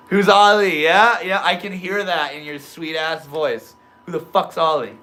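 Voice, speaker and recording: A man from Maine chats loosely with his livestream viewers, reading their comments aloud in slangy talk full of "bro" and "dude." His voice is high, pushed, and bright.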